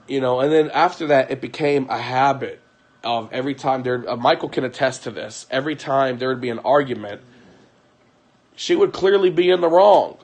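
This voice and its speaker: Young adult male streamer at home: worn-out, hurt tone, halting delivery with many repeats, average pitch. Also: darkish tone. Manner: halting, repeats words often; weary and aggrieved. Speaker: livestreamer. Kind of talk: emotional live-stream monologue.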